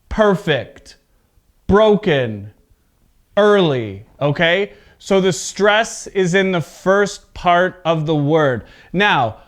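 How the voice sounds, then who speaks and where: A man's voice: sits high, clear, resonant tone. A man teaching an English pronunciation lesson. He is patient, often checks in with "okay?", and exaggerates word stress in his examples.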